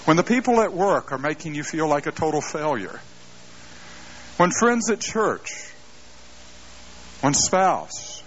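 Male preacher, middle-aged, higher-pitched, lo-fi hissy sermon tape, animated storytelling. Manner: animated storytelling with self-deprecating humor. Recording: dull lo-fi live sermon tape.

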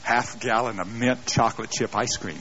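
A middle-aged man preaching a sermon, telling stories with self-deprecating humor and an animated delivery. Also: mid-range voice, moderate pace, slight background noise. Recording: dull lo-fi live sermon tape.

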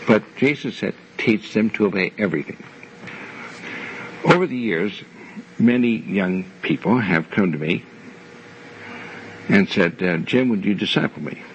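An older man teaching a Bible class in a measured way, repeating key phrases for emphasis. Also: on the low side, lively intonation. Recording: muffled lo-fi recording with faint hiss.

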